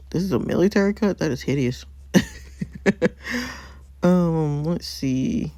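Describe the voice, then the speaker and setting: A woman's voice: deep voice, mellow, no room sound. A woman hosting a casual let's-play, chatty and thinking aloud with frequent ums and laughs. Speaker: gaming channel host.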